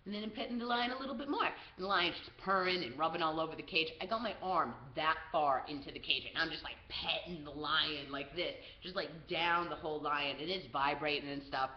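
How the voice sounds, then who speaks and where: A young woman vlogger telling a travel story to camera in an animated way, full of "like" and "um". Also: deep voice. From USA. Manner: animated, lots of "like" and "um". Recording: roomy, slightly dull video audio.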